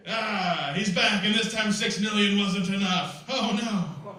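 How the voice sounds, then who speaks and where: A man doing a live stand-up comedy set with a rambling, absurd, excitable delivery. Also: sits high, a little slow. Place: live comedy festival stage. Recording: echoey live venue, heard from a distance.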